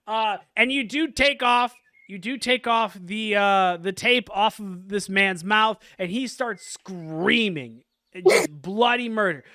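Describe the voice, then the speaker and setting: A man's voice: high voice, takes it slowly, sharp tone, no echo. A man narrating as game master in a laid-back, chuckling way, with many fillers. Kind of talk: narrating a casual tabletop game.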